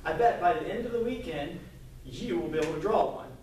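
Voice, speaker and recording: A man voicing his old schoolteacher, a gentle and encouraging grown man, in a live storytelling talk. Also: high voice, animated, brisk, a little hiss or hum. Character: kindly male schoolteacher. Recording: echoey room, mic far off.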